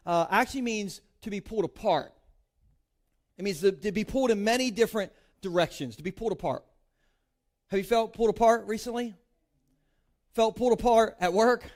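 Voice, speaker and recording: A man in his thirties from Delaware, preaching to a congregation in a casual, joking way with lots of playful asides. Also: high voice. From Delaware, United States. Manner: chatty, peppers speech with "like", playful asides. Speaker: pastor. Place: church stage before a congregation.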